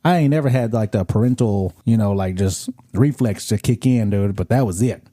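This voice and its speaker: A man's voice: lowish voice, moderate pace, dark tone, no echo, studio quality. A man in his thirties co-hosting a podcast, telling a story in a loose, profane way with frequent restarts. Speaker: podcast co-host. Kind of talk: casual chat.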